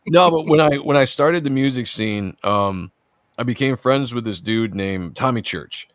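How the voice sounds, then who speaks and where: A man's voice: mid-range voice, normal speed, fairly bright tone, dry recording. A man, a comic book artist, talking casually and earnestly on a podcast, rambling with lots of fillers.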